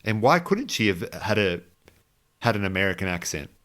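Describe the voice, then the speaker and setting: A man's voice: lowish voice, very animated, normal speed, a bit bright. A man co-hosting a podcast, chatting casually about a film with many restarts and wry asides. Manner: rambling, frequent restarts and fillers, wry self-mockery. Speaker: podcast co-host. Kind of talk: casual movie review chat.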